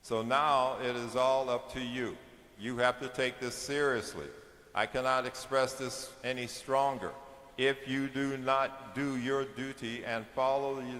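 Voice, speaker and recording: Older man, earnest exhorting sermon, mid-pitched voice, roomy hall with long reverb. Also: fairly bright tone. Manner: earnest, exhorting, rising in force toward the end. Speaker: senior devotee speaker. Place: large temple hall.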